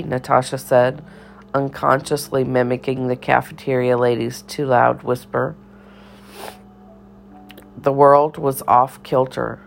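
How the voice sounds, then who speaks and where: Woman, audiobook narration, slow, gravelly, faint music underneath. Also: rumbling low. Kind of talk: scripted storybook narration.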